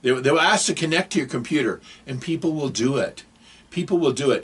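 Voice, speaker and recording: Older man, husky voice, casual monologue, rambling, digressive, preachy advice. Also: on the high side, animated, a little fast. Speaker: vlogger giving advice.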